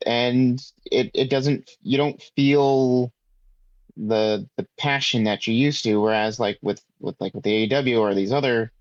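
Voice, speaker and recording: A laid-back man co-hosting a podcast, his voice at a middle pitch. He thinks aloud, with lots of "uh" and "like". The sound is dull and lo-fi, and dry. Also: unhurried, no room sound. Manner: relaxed, thinks aloud with many fillers. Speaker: podcast co-host. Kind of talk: casual chat.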